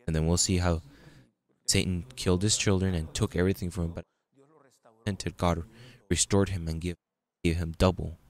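Male pastor, low voice, informal sermon with scripture readings. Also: little pitch movement, normal speed. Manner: conversational preaching, restarts, reads scripture aloud.

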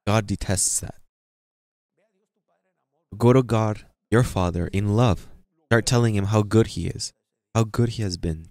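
A man's voice: lowish voice, measured pace, pauses often, a little mellow, no echo. A man preaching a sermon, acting out the voices of churchgoers as he tells stories. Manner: acts out voices of churchgoers and God in quotes.

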